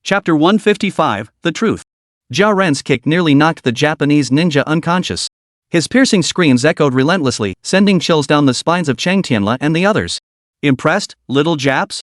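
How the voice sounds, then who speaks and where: A man's voice: on the high side, lively intonation, normal speed, no echo, studio quality. A man narrating a comic recap as a dramatic scripted story.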